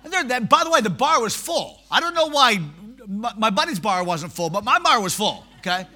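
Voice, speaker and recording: A man preaching a sermon, telling stories in an animated, self-mocking way. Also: very high-pitched, a little fast.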